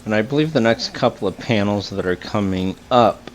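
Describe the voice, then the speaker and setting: A man on a casual podcast explaining upcoming work, unhurried and clearing his throat now and then. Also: lowish voice, slight background noise. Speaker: developer explaining panels. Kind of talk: casual chat.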